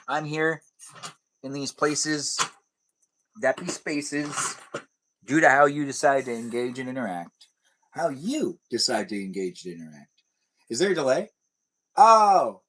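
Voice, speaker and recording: A man hosting a livestream in casual, playful chat, rambling and sometimes drawing words out slowly. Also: a little high, fairly bright tone. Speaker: livestream host.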